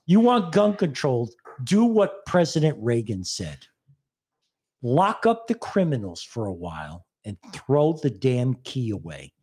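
A man's voice: mid-range voice, measured pace, slightly rough. An older man telling a story in casual chat, acting out the people in it. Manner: animated storyteller, mimics an old Italian man.

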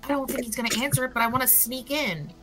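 A woman playing a tabletop game, joking and self-mocking in a casual, quick manner. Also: sits high, fairly even intonation, music in the background. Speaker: player.

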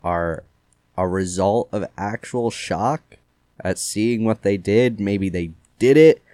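A man's voice: lowish voice, slow pace, no echo. A man hosting a casual true-crime podcast, retelling the case loosely with lots of "like" fillers. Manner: relaxed storyteller with many "like" fillers. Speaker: podcast host.

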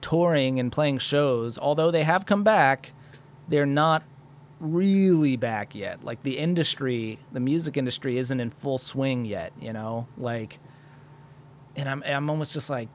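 A young man talks alone into a microphone, rambling in a loose, profane flow and laughing at himself. His voice sits at an ordinary pitch, with a faint hiss behind it. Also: unhurried. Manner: rambling, profane, self-deprecating. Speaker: podcast host. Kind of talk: solo podcast rant. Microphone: studio microphone.

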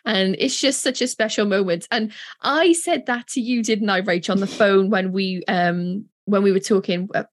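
A woman's voice: medium pitch, normal speed, few pauses, dry recording, clean studio sound. A woman co-hosting a casual chat podcast, talking in an emotional, heartfelt and rambling way. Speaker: podcast co-host.

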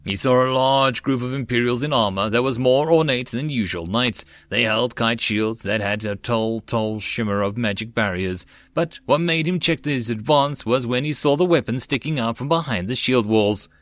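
Male audiobook narrator, steady reading, mid-pitched, dry close recording. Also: normal speed, hardly any pauses, dry recording.

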